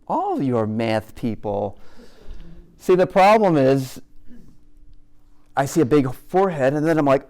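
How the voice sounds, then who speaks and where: A man's voice: mid-range voice, big pitch swings, measured pace, long pauses, dark tone. A man teaching a room in a chatty, joking way. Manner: conversational and jokey, asks the audience questions. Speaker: caricature artist giving a demonstration. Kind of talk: live teaching talk to an audience.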